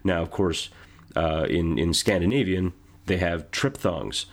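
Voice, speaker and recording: A man's voice: sits low, measured pace. A man in a casual podcast chat, meandering and leaning heavily on fillers. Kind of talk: casual chat about accents in games.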